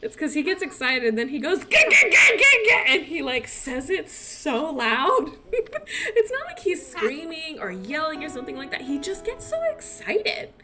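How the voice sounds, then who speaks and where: A woman's voice: high voice, sing-song, normal speed, loud music behind the voice. A young woman in her twenties chatting casually while she plays, rambling about her son and laughing often. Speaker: gaming streamer and mother. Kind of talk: casual chat while playing.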